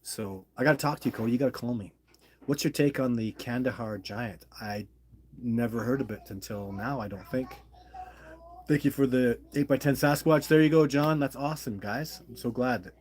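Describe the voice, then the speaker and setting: A man's voice: medium pitch, normal speed, a little mellow. A middle-aged man hosting a casual livestream, chatting and reading viewer comments aloud in a friendly, apologetic way. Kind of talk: casual live-stream chat.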